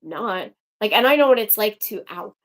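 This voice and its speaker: A woman's voice: medium pitch, expressive, moderate pace. A young woman hosting a casual livestream, chatting to viewers in a rambling, exasperated way. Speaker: livestream host.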